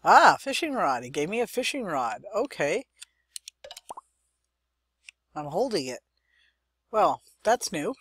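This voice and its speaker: A woman's voice: fairly low pitch, big pitch swings, moderate pace, a little hiss or hum. A young woman hosting a let's-play, chatting and thinking aloud as she plays, with muttered asides. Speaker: gaming channel host. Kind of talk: let's-play game commentary.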